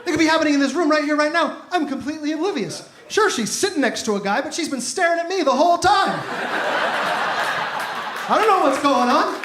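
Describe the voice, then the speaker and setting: High-voiced man doing stand-up. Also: fairly quick. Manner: self-deprecating, animated storytelling with acted-out dialogue. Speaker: stand-up comedian. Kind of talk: stand-up comedy set. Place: comedy club stage with laughing audience. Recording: echoey club room with crowd noise.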